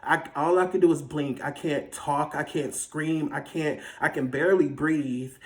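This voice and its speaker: A vlogger casually telling a personal story in a dramatic, animated, slangy way. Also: medium pitch, a little slow. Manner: slangy, conversational.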